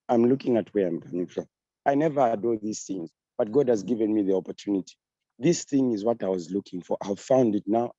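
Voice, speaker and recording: A man's voice: mid-range voice, mellow, dry recording, highs cut off. A young man giving an earnest, repetitive testimony on a video call. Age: young adult. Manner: earnest, repeats phrases, restarts, emphatic. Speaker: guest speaker giving a testimony. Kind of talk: online business meeting testimony.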